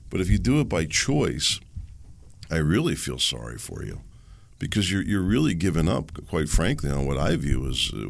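A middle-aged man with a very low, gravelly voice, talking alone on his podcast. He rambles from point to point, getting sarcastic and heated. The recording is dry and close, with no room sound. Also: a bit bright, dry recording. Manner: rambling, sarcastic ranting with chuckles. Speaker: podcast host. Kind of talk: solo podcast monologue.

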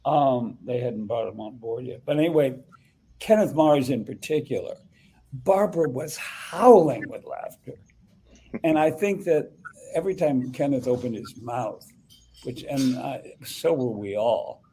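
A man's voice: medium pitch, lively intonation, dark tone, a little hiss or hum, rough recording. An older man being interviewed as a guest actor, telling a story in a rambling way full of restarts. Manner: rambling, halting recollection with many restarts. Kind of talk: conversational interview.

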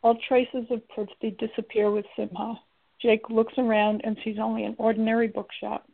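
A woman narrates a story in a steady, even reading. Her voice has a gravelly fry to it. The recording is tinny and phone-like. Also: a little high, normal speed. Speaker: audiobook narrator. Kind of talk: scripted narration.

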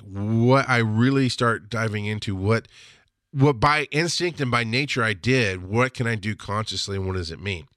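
A man's voice: mid-range voice, sharp tone, no room sound, clean studio sound. A middle-aged man hosting a podcast, talking in a casual, rambling way and often breaking into laughter. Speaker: podcast host. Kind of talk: casual livestream monologue.

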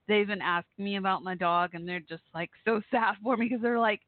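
A woman's voice: mid-range voice, a little fast, few pauses, dry recording. A woman from Texas hosting a call-in show in a rambling, chatty way, often laughing, worried and holding back tears. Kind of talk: casual chat. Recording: dry tinny phone-like line.

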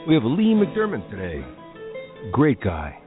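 This podcast host, a man with a medium-pitched voice and huge pitch swings, keeps a measured pace as he talks casually and opinionatedly on his film talk show, rambling through asides. It's casual solo radio talk, and the audio is tinny and phone-like, lo-fi with faint music behind him.

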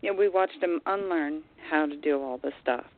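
Halting woman caller on a phone line. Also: deep voice, dry recording. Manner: hesitant, halting, filler-heavy. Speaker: caller and friend of the host. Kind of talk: phone-in conversation.

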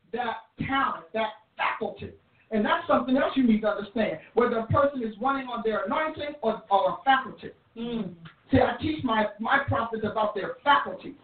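A woman preacher teaching a sermon in an emphatic manner, with frequent restarts. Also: a little high. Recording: roomy, distant, phone-like audio.

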